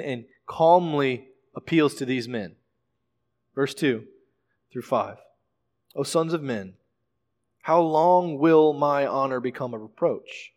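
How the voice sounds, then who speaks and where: A male pastor preaching a sermon in a measured way, often repeating words as he explains scripture. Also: fairly high pitch. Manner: measured preaching with frequent word repetitions. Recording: long reverb of a large hall.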